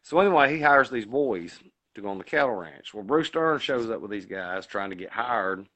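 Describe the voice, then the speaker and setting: A man's voice: lowish voice, lively intonation, moderate pace, fairly bright tone. A man co-hosting a casual podcast, telling long rambling stories with colloquial grammar. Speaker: podcast co-host. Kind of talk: casual chat.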